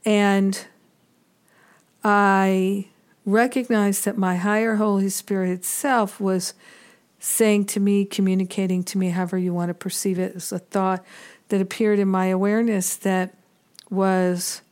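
Slow, measured woman teaching spirituality. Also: mid-range voice, level tone, darkish tone, smooth. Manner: measured and earnest, pausing often. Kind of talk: reflective spiritual teaching talk.

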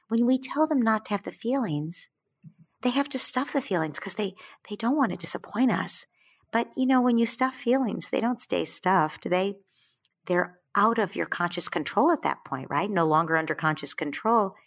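A woman who is a parenting expert, explaining in a gentle, soothing way and slowing down to stress her points. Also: mid-range voice, animated. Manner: gentle, soothing, slows down for emphasis. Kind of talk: calm explanatory advice.

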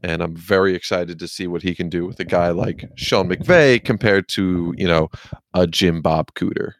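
Deep-voiced guy w hiccups rambling about football, swears a lot, dry sound. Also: normal speed, no room sound. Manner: rambling, swears casually, self-deprecating. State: has the hiccups. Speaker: podcast co-host. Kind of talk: casual sports chat.

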